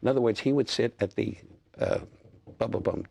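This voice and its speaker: A man's voice: medium pitch, a little fast, creaky, noisy background. An older man from New York, a chatty guest telling stories with restarts and repeats in a talk-show interview. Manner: chatty storyteller, restarts and repeats, acts out quotes.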